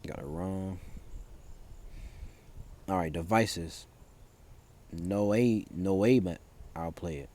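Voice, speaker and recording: A male preacher giving an informal commentary that mixes scripture and news. His voice sits low and mellow, and he reads passages aloud before talking them through in loose, halting speech with many fillers and restarts. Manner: reads verses aloud, then explains them.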